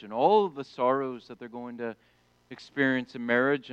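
A middle-aged male pastor preaching a sermon, emphatic, rising to loud declarations and dropping soft. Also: medium pitch, clean tone, no room sound, dull audio.

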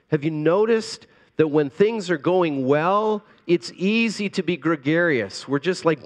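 A man preaching a sermon as a pastor, earnest and pleading, moving between hushed and emphatic delivery. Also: on the high side, animated, a little slow, hardly any pauses, big-room sound.

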